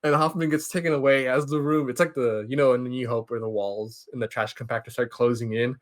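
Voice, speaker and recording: A young man hosting a podcast, casually recapping a film series and jumping into quick impressions of the characters. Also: medium pitch. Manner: animated, acts out characters' lines in quick impressions. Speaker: podcast host.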